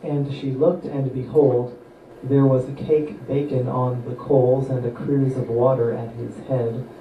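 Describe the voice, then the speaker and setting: A man reading Bible passages aloud in a steady, even way during a study group. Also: mid-range voice, measured pace, phone-quality sound, slight background noise. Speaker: scripture reader. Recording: echoey room, from far off, faint ambience.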